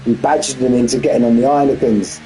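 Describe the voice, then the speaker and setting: A man's voice: medium pitch, fairly even intonation, fast, mellow, soft background music, rough recording. A man commentating a sim race on a live stream, bantering with viewers and often repeating himself.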